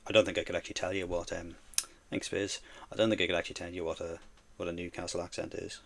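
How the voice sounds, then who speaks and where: A man's voice: deep voice, little pitch movement, quick pace. A man streaming while he paints miniatures, chatting casually and teasing his viewers playfully.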